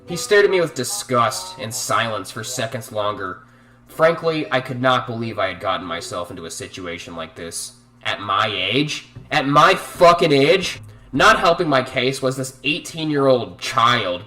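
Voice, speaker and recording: Brief: young man, storytime vlogger, swears a lot, exasperated and dramatic, mid-pitched, mic a bit distant. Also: expressive, normal speed, sharp tone. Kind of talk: storytime vlog narration.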